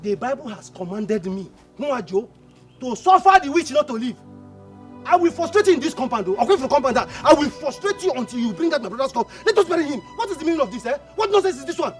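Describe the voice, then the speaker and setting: An actor with a Nigerian accent playing a poor, hot-tempered younger brother who stammers and repeats himself, in a film drama. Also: male voice, very high voice, very animated, fast talker, soft background music. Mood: angry ranting. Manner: stammering, repeats words, challenging.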